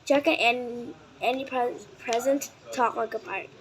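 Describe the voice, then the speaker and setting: A Vietnamese-speaking woman reads a children's nonfiction book aloud in English, slow and careful, now and then tripping over words and fixing them. Her voice sits a little high with fairly even intonation, and the recording quality is low.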